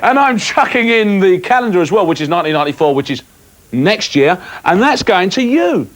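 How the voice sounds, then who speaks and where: A man's voice: sits high, sing-song, fairly quick, fairly bright tone. A man presenting a live cable TV phone-in, full of jokey banter and mock bluster.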